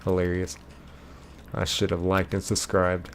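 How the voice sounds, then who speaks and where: A man hosting a live game stream, chatting casually and reading out viewer comments in a relaxed, friendly way. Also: deep voice, measured pace, a little hiss or hum.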